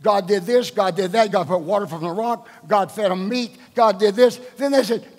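A man's voice: sits high, moderate pace, few pauses. An older man, a bishop, preaching a sermon at a live church service and quizzing the congregation with rhetorical questions. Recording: echoing church hall.

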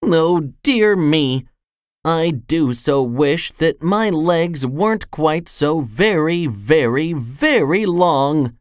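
A narrator voicing a very tall, gloomy male storybook character who talks in slow, mournful sighs. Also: mid-range voice, big pitch swings, smooth, no echo, clean studio sound, pitched above the performer's own voice. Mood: sighing. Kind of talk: storybook reading.

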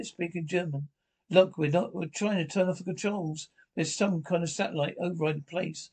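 A man with a fairly high voice reads a drama aloud. He speaks the characters' lines and the sound cues in the same reading voice. He keeps a plain reading delivery from cue to line. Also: fairly even intonation, normal speed, darkish tone, poor audio. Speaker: audio description reader. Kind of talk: reading an audio-described drama with all the voices.

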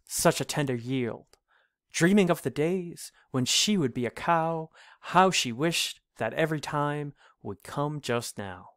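A man reading an old rhyming storybook aloud, in a measured, sing-song delivery. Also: a little high, fairly bright tone, no echo, studio quality.

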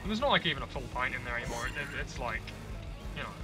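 A man's voice: mid-range voice, animated, rapid-fire, low-quality recording. A young man giving casual let's-play commentary at home, swearing, mocking himself and yelping and groaning at the game. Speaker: gaming video creator. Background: video game music and sounds.

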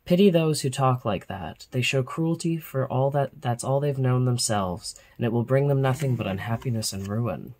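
Man doing a kind chubby monk, protective, firm but soft. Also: medium pitch, moderate pace, hardly any pauses, lightly acted. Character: kindly plump male monk, protective.

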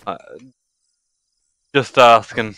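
A young man streaming a game live, tipsy from drinking, exasperated and swearing with loud outbursts. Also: medium pitch, drawn-out words, clean tone, no echo.

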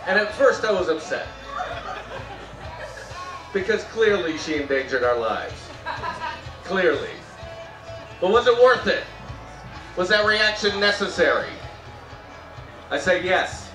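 Recorded from a distance in an outdoor festival comedy tent, a Canadian stand-up tells lively stories about his wife, slipping into sudden high-pitched yells as he mimics her. He speaks slowly with long pauses, while the audience laughs and music plays faintly in the roomy live sound.

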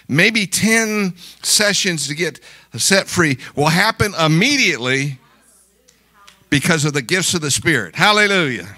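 A man's voice: fairly high pitch, pushed and bright, no echo. A male pastor preaching in an exuberant style, calling out hallelujahs and encouragement to the congregation. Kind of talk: sermon.

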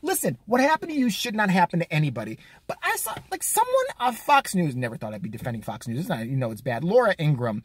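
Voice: medium pitch, wildly swooping pitch, slight background noise. A vlogger delivering a crude, mocking, profane comedic rant. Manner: crude, mocking, fast-talking.

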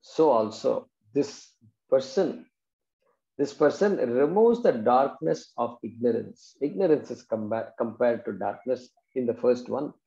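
Gravelly, mellow male teacher. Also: medium pitch, lively intonation, unhurried. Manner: patient, explanatory, checks in with students. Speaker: Vedanta teacher. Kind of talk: explaining Sanskrit verses in class. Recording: dull, roomy classroom recording.

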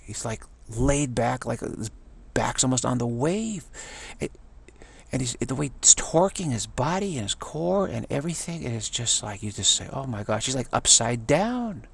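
A man hosting a casual talk, his voice gravelly and somewhat husky at an ordinary pitch. He wanders through his thoughts, repeats key phrases, and trips over word starts, lifting into animated bursts. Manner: loose and repetitive, restarts words, animated when excited. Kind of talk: casual rambling monologue.

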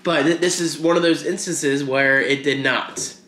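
A man's voice: on the high side, fairly even intonation, moderate pace, sharp tone. A man vlogging in a casual, rambling, self-deprecating way about his day. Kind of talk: casual daily vlog chat.

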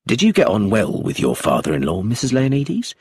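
A husky-voiced man reading an audiobook, voicing a methodical chief inspector who asks polite, matter-of-fact questions. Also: lowish voice, wildly swooping pitch, a little fast, a little mellow, no room sound, studio quality, heavily acted. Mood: businesslike.

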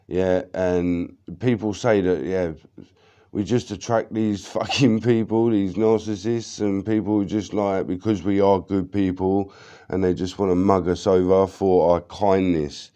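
Low, slow rambling man. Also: mellow, clear, resonant tone. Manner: rambling, heavy swearing, many fillers. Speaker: vlogger. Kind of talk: rambling personal monologue.

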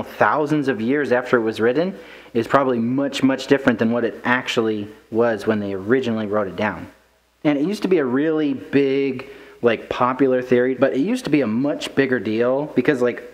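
Church youth teacher, male, mid-pitched, conversational and lively, playful with asides. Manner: conversational, asks "right?" often, acts out quotes. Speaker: children's ministry teacher. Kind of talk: casual teaching talk to kids.

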